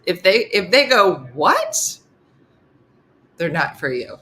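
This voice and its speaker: A woman's voice: fairly low pitch, normal speed. A middle-aged woman hosting a morning show, telling comic stories in a casual, laughing way. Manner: animated, laughing, slips into character voices for quotes. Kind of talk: casual comedic storytelling.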